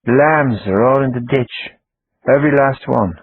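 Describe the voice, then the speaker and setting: A man's voice: on the low side, animated, normal speed, vocal fry, husky, full character voice. A man reading the part of a tender, teasing dying wife, tearful at times. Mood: delirious. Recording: tinny phone-like audio, faint music.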